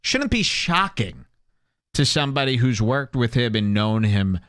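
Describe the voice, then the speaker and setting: A podcast host mocks a video clip with sarcastic commentary on his comedy show. His medium-pitched voice swings widely in pitch, sounds a bit bright, and moves a little slowly, in a dry, studio-quality recording.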